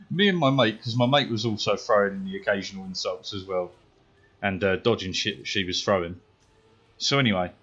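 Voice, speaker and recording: British male streamer, casual and profane storyteller, animated, middling pitch, a bit muffled. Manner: profane, swears constantly; animated, gets louder and higher when worked up. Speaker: gaming streamer.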